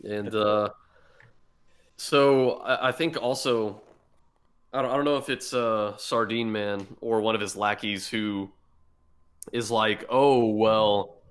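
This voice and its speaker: A man's voice: lowish voice, fairly even intonation, takes it slowly, long pauses, a bit bright, clean tone. A man co-hosting a casual podcast, retelling scenes with emotion and frequent swearing. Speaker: podcast co-host. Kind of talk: casual chat about an anime.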